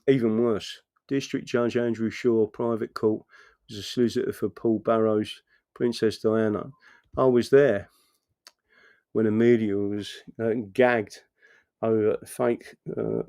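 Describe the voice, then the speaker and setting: A man's voice: lowish voice, vocal fry, warm tone, no echo, studio quality. A middle-aged man hosting a casual livestream, rambling and swearing as he chats to viewers and reads their comments. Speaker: livestream host reading chat.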